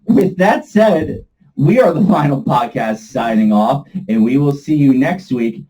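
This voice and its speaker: A man's voice: medium pitch, animated, unhurried, warm tone, rough recording. A man co-hosting a casual movie podcast, playful and jokey, fond of silly accents. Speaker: podcast co-host.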